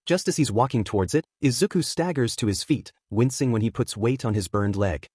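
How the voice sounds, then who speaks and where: A man narrating a fan fiction story aloud in a steady, even storytelling manner. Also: medium pitch, a little fast, few pauses, breathy edge, dry recording, clean studio sound. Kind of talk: audiobook reading of fan fiction.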